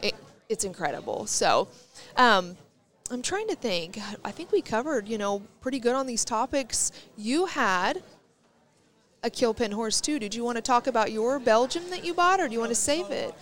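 A woman's voice: on the high side, lively intonation, normal speed, a bit bright. A woman hosting a casual podcast interview, chatty and enthusiastic, telling stories at length. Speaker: podcast host. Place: rodeo arena event.

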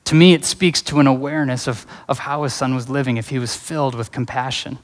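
A man's voice: medium pitch, fairly even intonation, fast. A man preaching a sermon in an earnest, conversational way, weaving in personal stories. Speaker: pastor. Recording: reverberant hall.

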